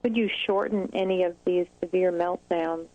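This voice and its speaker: A woman's voice: fairly low pitch, fairly even intonation, moderate pace, no room sound. A woman hosting an interview in an encouraging, conversational way with many fillers. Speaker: interview host, child anxiety specialist. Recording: dull, dry lo-fi audio.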